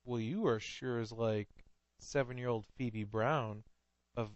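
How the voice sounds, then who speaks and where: A man co-hosting a comedy podcast in casual chat, laughing often and getting excited. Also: medium pitch, measured pace, dry recording, dull audio. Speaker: podcast co-host.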